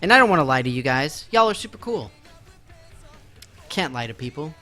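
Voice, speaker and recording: Very animated and a little fast, this young game streamer's voice is on the high side with a sharp tone. He talks to chat while playing, self-mocking and joking about his hectic day, with faint game music in the background.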